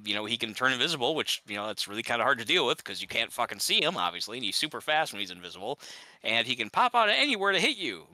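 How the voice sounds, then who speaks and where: A man's voice: mid-range voice, bright, forceful tone, no room sound, low-quality recording. A man chatting casually while gaming, ranting with exasperation and many restarts. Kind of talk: casual chat.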